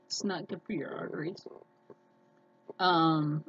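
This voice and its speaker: A woman cooking vlogger chats casually, rambling with lots of fillers in a low-pitched, slow voice with fairly even intonation. Her voice is a little scratchy, nasal and slightly hoarse, and the highs are cut off in the audio.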